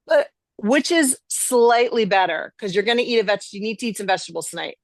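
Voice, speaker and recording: A woman's voice: mid-range voice, animated, a little fast, dry recording. A middle-aged woman hosting a podcast, talking emphatically in a conversational teaching style and acting out quoted voices. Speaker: podcast host.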